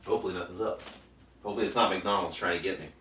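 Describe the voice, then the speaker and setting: A man's voice: deep voice, steady tone, racing, a bit bright, slight background noise. A man casually commenting on his own comic pages, with rambling asides and frequent fillers. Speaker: comic artist discussing his own work. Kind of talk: casual commentary over artwork. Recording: roomy, from a distance.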